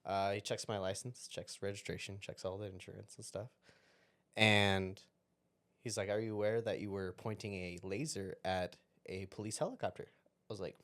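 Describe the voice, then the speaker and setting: A man's voice: on the low side, steady tone, moderate pace, fairly bright tone. A man telling a personal story as a podcast guest, rambling casually and acting out quoted exchanges. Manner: rambling, self-interrupting anecdote with quoted dialogue.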